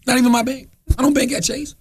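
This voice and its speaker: A man co-hosting a podcast, telling stories in a loud, profane, animated way and acting out the people in them. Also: extremely high pitch, fast, breathy edge, no room sound. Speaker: podcast co-host. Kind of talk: animated storytelling, casual chat.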